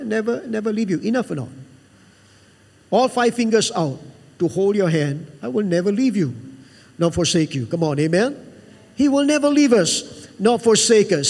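A man's voice: very high voice, long reverb tail. A man preaching a sermon to a church, emphatic and repetitive, calling out to the congregation for an amen. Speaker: pastor.

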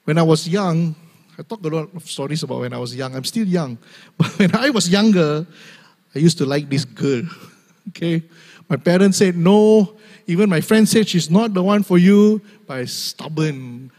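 Young man, pastor, humorous sermon, frequent laughter, high voice, long hall reverb. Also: lively intonation, normal speed, darkish tone. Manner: laughs often, mimics voices in asides.

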